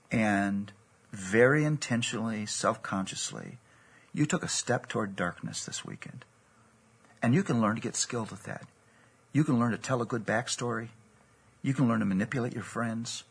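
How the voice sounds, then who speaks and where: A man's voice: lowish voice, expressive, moderate pace. A man preaching a sermon, telling a personal story in an earnest, storytelling way. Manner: gravelly, husky, earnest storytelling.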